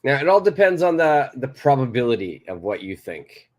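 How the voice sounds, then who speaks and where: A man's voice: medium pitch, sing-song, moderate pace. A man teaching an English lesson, patiently explaining phrases and repeating examples aloud. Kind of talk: live online grammar lesson.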